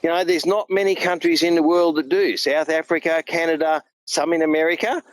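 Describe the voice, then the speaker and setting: A man's voice: fairly high pitch, fairly even intonation, a little fast, low-quality recording. A middle-aged Australian man, a truck driver guest, talking emphatically and earnestly in a casual chat.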